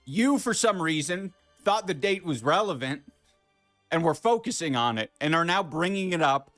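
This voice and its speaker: A man's voice: fairly high pitch, expressive, normal speed, fairly bright tone, faint music behind. A man ranting indignantly and profanely in a podcast clip, emphatic and swearing. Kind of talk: heated podcast rant.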